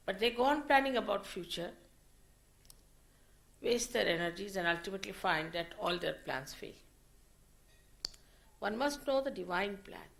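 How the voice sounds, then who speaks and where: A woman giving a slow, deliberate spiritual lecture, in a 1990 archive recording. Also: medium pitch, lively intonation, vocal fry, a bit bright. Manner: slow, deliberate teaching with rising emphasis. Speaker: spiritual teacher.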